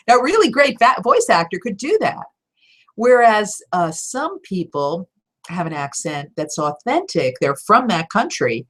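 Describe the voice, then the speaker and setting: A voiceover coach, a woman with a medium-pitched, slightly bright voice, fields viewer questions in a live Q&A teaching session. She's very animated, direct and encouraging, hitting words with emphatic stress and laughing quickly.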